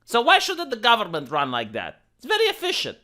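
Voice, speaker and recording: A man's voice: very high voice, huge pitch swings, a little fast, pushed and bright. A man from Romania with a Romanian accent, ranting through sarcastic political commentary in a mocking, exasperated way. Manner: mocking, exasperated rants with put-on voices. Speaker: commentary streamer.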